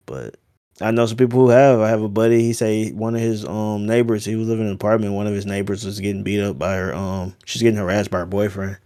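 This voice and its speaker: A man's voice: on the low side, level tone, fast talker, mellow. A man in a casual podcast chat, telling stories in laid-back slang and swearing a lot. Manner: laid-back slangy storytelling, heavy profanity.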